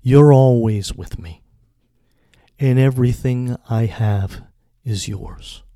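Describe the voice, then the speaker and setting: A man reading the lines of a gentle, forgiving father in a parable, speaking softly and a bit lower. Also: takes it slowly, dry recording, clean studio sound, close to an everyday voice. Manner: soft, gentle.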